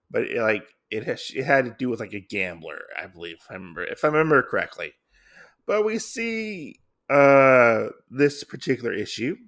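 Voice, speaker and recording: A man's voice: medium pitch, a bit bright. A man hosting a podcast, recapping a comic book in a casual, rambling way with lots of fillers and restarts. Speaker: podcast host.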